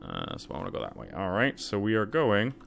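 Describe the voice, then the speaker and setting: A man's voice: on the low side, wildly swooping pitch, brisk, vocal fry, a bit bright, slight background noise. A man hosting a let's play, giving rambling, self-deprecating commentary over the game. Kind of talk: casual gameplay commentary.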